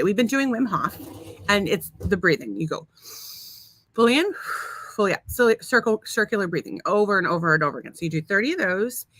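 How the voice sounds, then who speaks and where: Bright, lively woman podcast host. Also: medium pitch, dry recording. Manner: blunt and profane, laughs often. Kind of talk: casual chat.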